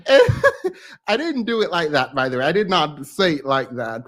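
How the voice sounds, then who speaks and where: Guy hosting a stream, slightly high voice, rambly and animated, lots of "like". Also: normal speed. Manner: rambling and animated, heavy on "like" fillers, laughs often. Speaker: host of a live reaction stream. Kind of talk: casual storytelling chat.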